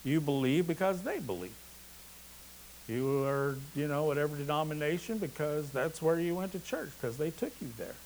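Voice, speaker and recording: A man's voice: a little high, animated, moderate pace, darkish tone, slight background noise, poor audio. A man preaching a sermon in an earnest, emphatic way, with a touch of humor. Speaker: pastor.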